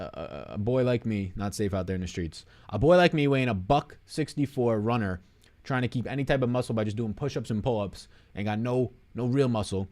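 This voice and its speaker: A man's voice: fairly low pitch, darkish tone. A young man hosting a sports betting livestream, signing off in a rambling, profane, joking way and out of breath. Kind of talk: casual livestream sign-off chat.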